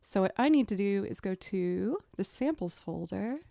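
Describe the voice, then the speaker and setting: A young woman musician chatting casually as she builds a music loop, thinking out loud and making fun of her own mistakes. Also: mid-range voice, expressive, normal speed, vocal fry, no echo, studio quality. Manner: chatty, thinks aloud, self-deprecating. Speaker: musician streamer. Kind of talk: casual chat while producing music. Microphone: studio mic.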